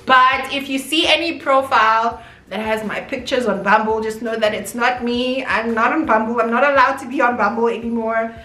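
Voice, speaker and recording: A woman's voice: fairly high pitch, steady tone, moderate pace, sharp tone. A young woman from South Africa with a South African accent, chatting expressively to her viewers in a casual storytime vlog. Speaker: YouTuber. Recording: roomy echo, faint background music.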